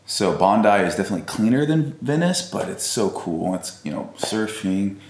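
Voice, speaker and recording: A man's voice: lowish voice, big pitch swings, normal speed, a little mellow. Laid-back man vlogging. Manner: laid-back, slangy, rambling. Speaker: fitness vlogger. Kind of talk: casual vlog tour. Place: house tour, indoors and out. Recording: echoey room, faint background noise.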